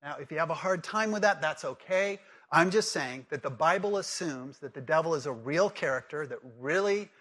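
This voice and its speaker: A man's voice: on the high side, lively intonation, normal speed, fairly bright tone. A man preaching a sermon, conversational and emphatic, asking the congregation questions and repeating key words. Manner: emphatic repetition. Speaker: pastor.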